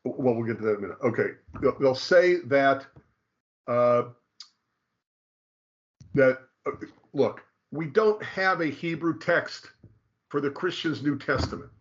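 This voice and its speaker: A man's voice: mid-range voice, unhurried, long pauses. A man explaining scripture in casual talk, lecturing with frequent restarts and checks of "okay". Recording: dull lo-fi sound.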